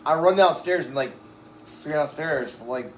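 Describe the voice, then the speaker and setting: A man's voice: a little high, normal speed. A man being interviewed, telling a long story in a rambling, profane way, full of "like" and "right?", and a bit short of breath. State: breathless, uses oxygen. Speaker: interview guest. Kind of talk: casual storytelling. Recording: echoey room with faint background noise.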